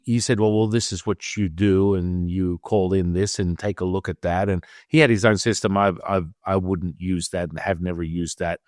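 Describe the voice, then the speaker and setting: A man guest on an interview show, telling a personal story in a casual, animated way and acting out the people in it. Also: low voice, no room sound, studio quality. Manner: animated, acts out quoted dialogue. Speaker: guest, Taoist teacher.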